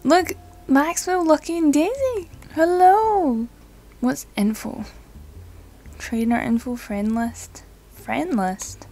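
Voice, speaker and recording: Excitable giggly woman gamer. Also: sits high, slow, faint music behind. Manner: excitable, giggly, swears casually. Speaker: let's play gamer. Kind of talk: casual gameplay commentary.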